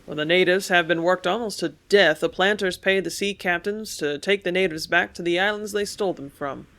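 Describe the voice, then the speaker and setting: Woman reading gruff old sea captain dad, loud and blunt, kinda grudging. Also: high voice, brisk. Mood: begrudging.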